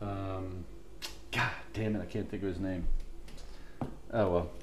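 A man co-hosting a podcast, swearing freely in casual, animated chat about old football games. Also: low-pitched, a little slow, roomy sound, background noise. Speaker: podcast co-host.

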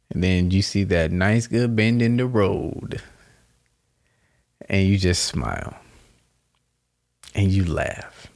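A man's voice: fairly low pitch, takes it slowly, pauses often, a little mellow. A man talking casually and reflectively, laughing at himself and acting out little quoted exchanges. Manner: laid-back, laughs at himself, acts out quotes.

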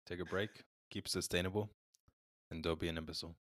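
A man co-hosting a podcast with a very deep voice. He speaks slowly and thoughtfully, and the recording is dry. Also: fairly even intonation, a bit bright, no echo. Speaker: podcast co-host. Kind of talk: casual podcast chat.

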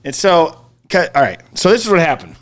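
Podcast co-host: man, higher-pitched and lively, casual storytelling banter. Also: a little fast. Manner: animated, swears freely, laughs often.

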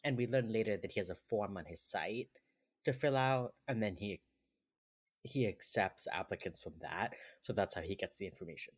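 A man's voice: lowish voice, normal speed. A man co-hosting a podcast in casual chat, recapping an episode in a laid-back way and often chuckling. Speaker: podcast co-host.

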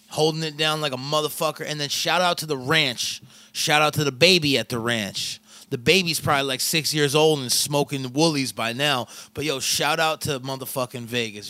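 A man from the Bay Area with a California accent, hosting a podcast in casual chat, excitable and profane with lots of slang. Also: a little high, dry recording. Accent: Northern California. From San Francisco Bay Area. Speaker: podcast host.

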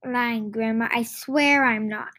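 A woman's voice: fairly high pitch, fairly even intonation, slow, a bit bright. A woman reading aloud, voicing an earnest young boy who pleads and coaxes. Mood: pleading. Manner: pleading, coaxing.

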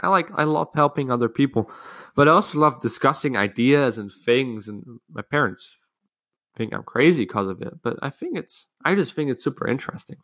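A man's voice: on the low side, fairly bright tone. A teenage man hosting a solo podcast, rambling frankly and casually with frequent swearing. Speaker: podcast host.

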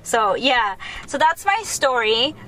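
Young female podcast host, casual storyteller, excitable and giggly, slightly high voice. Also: slow. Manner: excitable, lots of "like" and laughter.

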